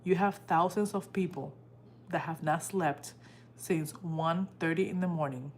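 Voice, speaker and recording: A woman's voice: on the low side, a little slow, slight background noise. A woman hosting a live stream from home, telling a story in a casual, emotional way and acting out what people said. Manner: animated, emotional retelling that acts out quoted dialogue. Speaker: livestream host.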